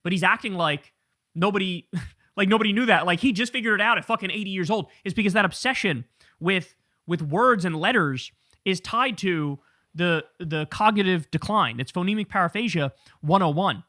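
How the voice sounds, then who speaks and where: A man's voice: sits high, moderate pace, sharp tone, no echo, clean studio sound. A man hosting political commentary, talking casually in a blunt, profane and incredulous way.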